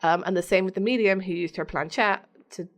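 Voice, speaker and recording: A woman's voice: fairly low pitch, fairly quick. Chatty woman podcast co-host. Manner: chatty, laughs often, acts out quotes from the episode. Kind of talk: casual chat recapping a TV episode.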